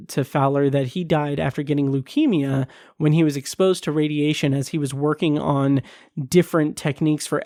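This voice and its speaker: A man's voice: on the high side, a little mellow, dry recording, clean studio sound. A man hosting a podcast review, talking in a casual, gushing way, teary-eyed and holding back tears. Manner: emotional, gushing, many fillers. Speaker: podcast host reviewing an episode.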